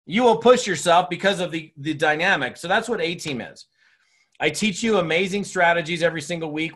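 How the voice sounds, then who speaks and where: A man in his fifties delivers a motivational training talk, his voice sitting a little on the high side. He rattles through stories with lively energy, stumbling into quick restarts as he goes. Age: 50s. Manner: energetic storytelling, chatty with many restarts. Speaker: network marketing speaker and trainer. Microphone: webinar recording.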